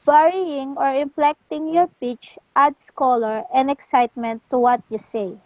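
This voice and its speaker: A woman learning English reads a lesson text aloud, careful and slow, stumbling now and then. Her voice is high and unhurried. The recording is dull and dry. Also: steady tone, no echo.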